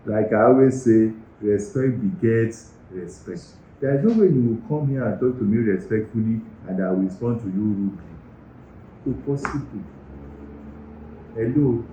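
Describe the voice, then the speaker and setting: A man's voice: on the low side, normal speed, dark tone, a little hiss or hum. A middle-aged man with a Nigerian accent, a university medical director giving earnest, emphatic interview answers in an office. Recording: roomy, slightly dull recording.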